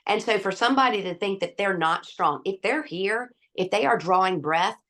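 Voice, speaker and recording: A woman's voice: medium pitch, lively intonation, normal speed, a bit bright. A woman doctor speaking as a guest in an interview, candid and emphatic, laughing easily. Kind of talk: conversational interview.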